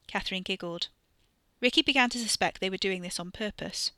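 A woman narrates a story in a steady, even reading voice. Her tone is bright and clear, recorded close and dry with no room sound. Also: medium pitch, a little fast, no room sound. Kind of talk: audiobook fiction reading.

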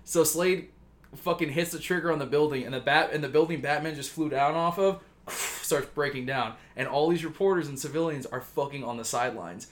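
A man casually pitching a story on a chat show, rambling and swearing, acting out the characters' lines. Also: fairly quick. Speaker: podcast co-host pitching a story.

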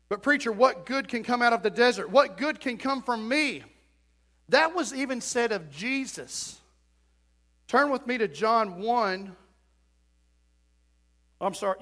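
A man preaches a folksy sermon in church. His voice sits high and sounds bright and forceful. He trades joking asides with the congregation as he goes. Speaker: pastor.

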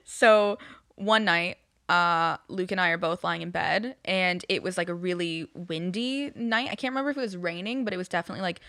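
A woman's voice: lowish voice, fairly quick, dry recording, clean studio sound. A young woman telling a spooky story from her own life in casual chat, rambling with lots of fillers. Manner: rambling, many fillers, animated retelling.

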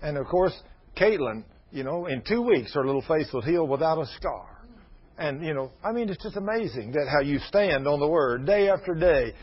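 Older preacher, husky high voice, folksy storyteller, dull lo-fi radio sound. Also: male voice, lively intonation, normal speed. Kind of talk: sermon.

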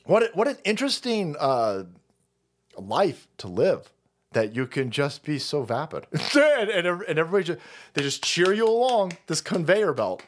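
Man, livestream rant, sarcastic, profane, high-pitched, wildly swooping delivery. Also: sing-song, moderate pace. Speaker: streamer.

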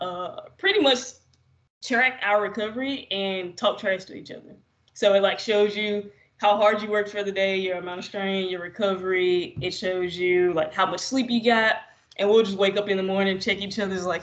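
A young adult podcast guest chatting casually, telling stories in a relaxed way with many fillers. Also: mid-range voice. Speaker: podcast guest, jiu-jitsu practitioner.

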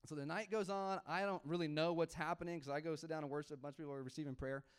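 Young male pastor, lightly raised pitch, clean resonant tone, chatty animated sermon storyteller. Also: racing, clean tone. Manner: casual, animated storytelling with laughs and quoted dialogue.

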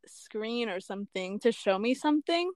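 A young woman with a high, bright voice tells a story on a casual podcast. She is animated, scatters "like" and "bruh" through her lines, and acts out what people said. The sound is close and dry. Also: normal speed, dry recording. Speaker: podcast co-host.

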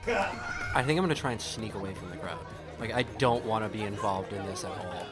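Low-voiced man playing a tabletop game. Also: expressive, a little fast, raised voice, over music, a crowd in the background. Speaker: player.

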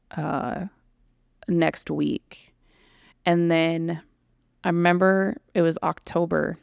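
A woman hosts a podcast and tells her own story in a candid, halting way, with lots of fillers. Her voice is low and gravelly, and she speaks slowly. The sound is dry and close. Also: no room sound. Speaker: podcast host. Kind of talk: personal storytelling.

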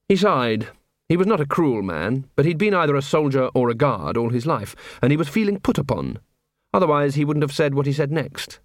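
A man reading a comic novel aloud in a wry, measured storytelling style. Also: fairly high pitch, expressive, no room sound, studio quality. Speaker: audiobook narrator. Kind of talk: storytelling narration.

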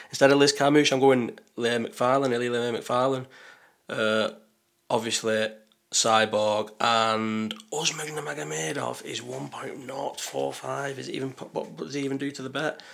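A man's voice: medium pitch, fairly even intonation, measured pace, vocal fry. A man chatting casually as a betting vlogger, rambling and talking to himself as he second-guesses his picks. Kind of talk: casual chat while placing bets.

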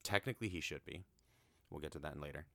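A man's voice: a bass voice, fast talker, fairly bright tone, dry recording. A young man casually recapping a film, chatty, with frequent swearing and lots of fillers.

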